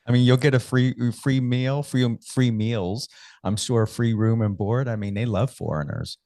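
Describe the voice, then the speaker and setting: A man's voice: mid-range voice, unhurried, dark tone, no room sound, studio quality. An American man hosting a radio interview, chatty and enthusiastic as he asks questions. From United States. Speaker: radio host.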